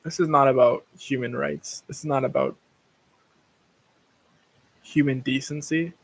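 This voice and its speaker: A man's voice: mid-range voice, steady tone, measured pace, creaky, low-quality recording. A tired man hosting a casual livestream, rambling and blunt, breaking into rants. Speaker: livestream host.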